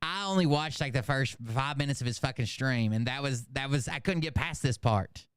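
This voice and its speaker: A man of ordinary pitch delivers mocking, profane reaction commentary. His voice is exceptionally crisp and clean, recorded close and completely dry. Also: normal speed, dry recording. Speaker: commentary channel host.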